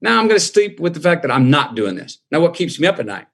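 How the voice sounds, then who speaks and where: Husky-voiced man telling a story. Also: a little high, very animated, quick pace, fairly bright tone. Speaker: guest. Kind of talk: storytelling interview answer.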